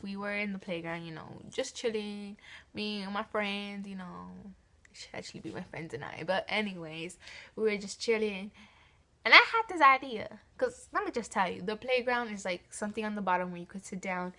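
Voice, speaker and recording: A woman's voice: medium pitch, moderate pace, sharp tone. A teenage girl telling a story to camera in a casual, rambling way, often restarting sentences and giggling as she goes. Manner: giggly, laughs mid-sentence. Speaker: vlogger.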